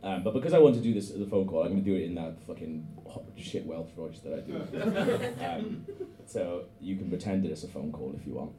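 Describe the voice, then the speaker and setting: A man's voice: sits low, expressive, brisk, roomy sound, noisy background. A man from Britain hosting a podcast, telling a story in rambling, giggly casual chat. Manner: rambling, giggly, lots of fillers. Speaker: podcast host.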